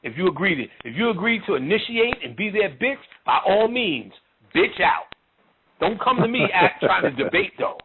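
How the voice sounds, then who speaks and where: Man, high voice, blunt mocking lecture, heavy profanity, tinny phone-like sound. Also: very animated, normal speed. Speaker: lecturer on occult and spiritual topics. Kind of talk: profane, ranting spiritual lecture. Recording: tinny phone-like line with faint noise.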